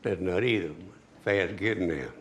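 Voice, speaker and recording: A man's voice: sits low, normal speed, noisy background. A man giving a cooking demonstration as a home cook, folksy and chatty, talking straight to the viewer.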